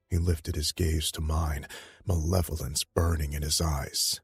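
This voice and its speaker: Deep slow guy narrating audiobook, gravelly and husky, dry close mic. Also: level tone, dry recording, faint music behind. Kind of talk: scripted first-person narration.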